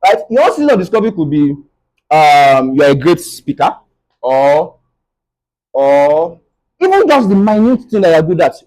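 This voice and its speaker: This young Nigerian motivational speaker, with a Nigerian English accent, preaches a faith-based message to a live crowd and keeps checking in with "right?" His rather high voice is very animated and darkish in tone, at a moderate pace, on a rough recording.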